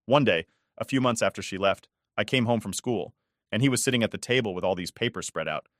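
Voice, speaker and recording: Guy narrating a story, lowish voice, steady and even, dry close mic. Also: quick pace, no room sound. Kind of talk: scripted first-person story narration.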